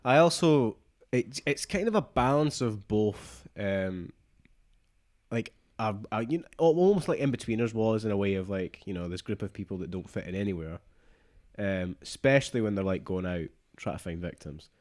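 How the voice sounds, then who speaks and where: A man's voice: fairly low pitch, animated, normal speed, a little mellow. A man co-hosting a podcast, chatting casually and enthusiastically about a film. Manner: chatty, enthusiastic, quotes scenes in voices. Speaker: podcast co-host.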